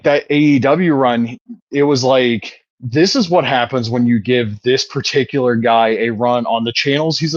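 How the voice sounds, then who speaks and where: A man hosting a podcast in casual chat, telling stories in an animated, profane way. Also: mid-range voice, no echo, lo-fi sound. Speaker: podcast host.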